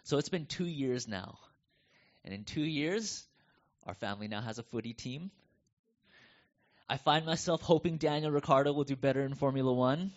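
Pastor with a North American accent. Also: male voice, mid-range voice, normal speed, long pauses. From United States. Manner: conversational, animated storytelling. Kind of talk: sermon. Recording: dull lo-fi sound.

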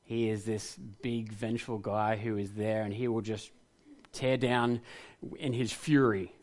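A man's voice: fairly low pitch, flat delivery, a little slow, a little mellow. A man preaching a sermon, earnest and reflective, rising to passionate emphasis at times. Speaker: pastor.

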